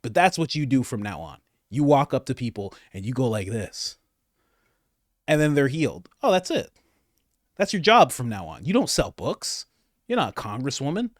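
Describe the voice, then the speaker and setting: A man's voice: mid-range voice, normal speed, no room sound, studio quality. A man hosting a podcast, giving comedic political commentary in a sarcastic, mocking rant. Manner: sarcastic, mocking, animated ranting. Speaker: podcast host.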